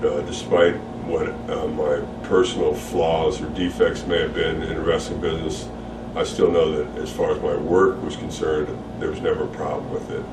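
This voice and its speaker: A middle-aged man in a candid sit-down interview, speaking in a relaxed, rambling way with many fillers and repeated words. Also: extremely low pitch, moderate pace. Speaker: interview guest, retired wrestler. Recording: roomy echo, distant mic, faint hum.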